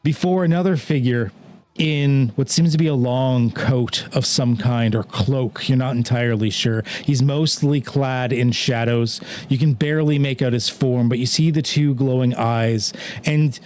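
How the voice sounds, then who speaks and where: A man running a tabletop game as game master, narrating in a relaxed, rambling way with many "like"s. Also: mid-range voice, a little slow.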